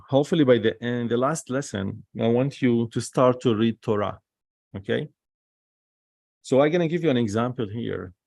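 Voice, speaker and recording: Male teacher, mid pitch, gravelly, explains patiently and keeps checking in with his students. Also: a little mellow, dry recording, clean studio sound. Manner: explains step by step, often checks in with "okay?". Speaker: biblical Hebrew teacher. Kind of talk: recorded online class.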